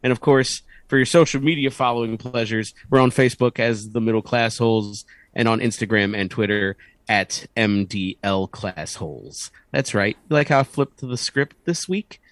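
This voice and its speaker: A man's voice: mid-range voice, moderate pace, no room sound. A man co-hosting a podcast with a mid-range voice, cracking jokes and laughing often. The sound is dry and close, with no room around it. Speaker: podcast co-host. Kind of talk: casual podcast banter.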